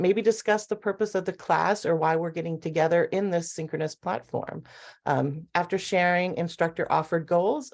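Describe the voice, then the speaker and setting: A woman's voice: fairly low pitch, darkish tone. A woman presenting on a video call webinar, friendly and conversational, chuckling now and then.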